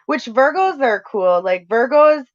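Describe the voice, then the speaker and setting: A woman from North Dakota co-hosting a casual livestream chat, talking in quick bursts. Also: high-pitched, expressive, no room sound. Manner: chatty, talks fast in bursts. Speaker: co-host. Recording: dull lo-fi stream audio.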